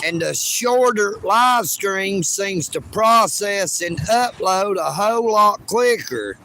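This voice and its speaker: This is a casual outdoor live-stream chat: a man by the railroad tracks greets viewers by name on a phone in a folksy, easygoing way. His high voice is bright and forceful, with lively intonation and a slow delivery. The recording is rough, with a faint hiss or hum.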